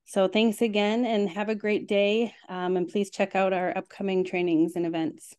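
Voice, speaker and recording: A woman's voice: medium pitch, little pitch movement, moderate pace, darkish tone, clear, resonant tone. Woman making casual webinar closing announcements. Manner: casual, with frequent um and uh. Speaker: webinar host.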